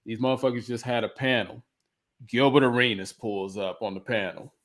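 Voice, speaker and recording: A man's voice: medium pitch, a little fast. A man co-hosting a podcast, ranting in a profane, heated way in casual chat. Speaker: podcast co-host.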